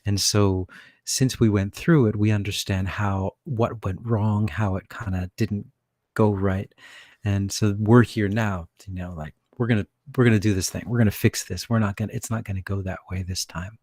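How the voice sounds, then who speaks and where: A channeler chats casually on his vlog, rambling, chuckling and cutting off his own sentences. His voice is on the low side and darkish, with fairly even intonation at a moderate pace. The sound is clean studio quality with no echo.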